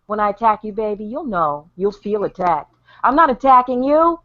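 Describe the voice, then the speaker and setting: A woman's voice: medium pitch, expressive, moderate pace, lo-fi sound. A woman hosting a casual online chat show, talking bluntly and laughing often over a voice call. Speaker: show host.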